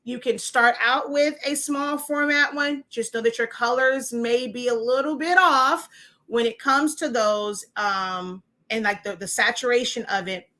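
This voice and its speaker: A woman's voice: a little high, a little slow, pushed and bright. A woman hosting a casual crafting walkthrough, chatty and rambling as she shows her printed projects. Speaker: crafting show host.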